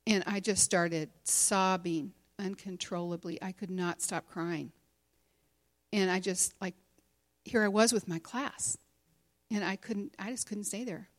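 A middle-aged woman speaking candidly to a women's gathering, sharing a personal testimony in a conversational way with many fillers. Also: medium pitch. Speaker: conference speaker and teacher.

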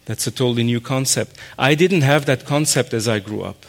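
A man telling his own faith story in an earnest, halting way, often restarting his sentences and breaking into short laughs. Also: medium pitch. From raised in a Muslim family. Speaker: speaker sharing a personal faith story. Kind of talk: personal testimony talk.

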